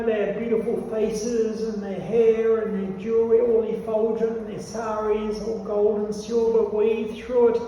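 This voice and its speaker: A man's voice: warm tone, highs cut off, a little hiss or hum. An older man giving a scripture class, telling a story and lifting his voice to act out a pleading child. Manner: acts out child's pleading in a higher voice. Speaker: temple class speaker. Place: temple hall. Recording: echoey hall from far off.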